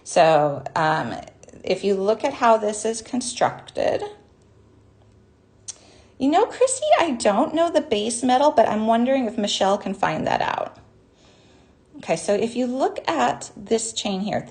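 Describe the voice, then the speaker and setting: A woman leads a live online beading demonstration in a bubbly, chatty way, calling out to viewers by name. Her voice sits naturally high and carries a gravelly fry. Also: a little mellow. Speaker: jewelry-making class host.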